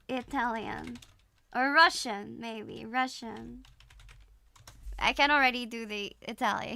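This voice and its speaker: A woman's voice: a little high, fairly even intonation, a little slow, gravelly, bright, forceful tone, no echo. A woman streamer chatting casually and playfully, giggling as she tries things out. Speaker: livestreamer. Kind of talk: casual livestream chat.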